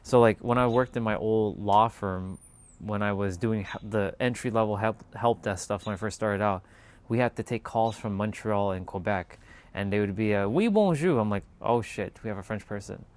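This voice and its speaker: A man telling a casual, animated story in a monologue, swearing freely and acting out the people in it with quoted voices. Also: fairly low pitch, moderate pace, clean tone. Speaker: spiritual talk host.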